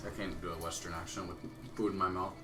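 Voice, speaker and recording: A man's voice: low voice, level tone, fast talker, over music. A young man co-hosting a game stream, laid-back and rambling, laughing easily as he chats. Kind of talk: casual chat during a game stream.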